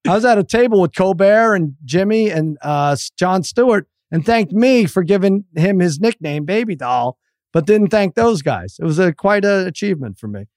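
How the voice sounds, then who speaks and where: A man's voice: high-pitched, lively intonation, normal speed, a little mellow, dry recording, studio quality. A middle-aged man, a regular on the podcast, telling prank stories with lots of laughter in casual chat. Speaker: podcast regular, comedy writer.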